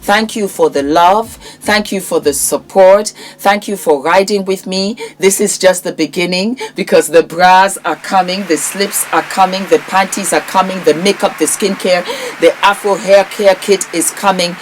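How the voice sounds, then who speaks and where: A woman's voice: lowish voice, fairly even intonation, moderate pace, a little hiss or hum. A woman vlogger presenting a bag from her own brand to camera, calling viewers "darling" and repeating her selling points with emphasis. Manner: warm, affectionate, calls viewers darling; emphatic, repetitive sales patter. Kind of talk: product showcase to camera.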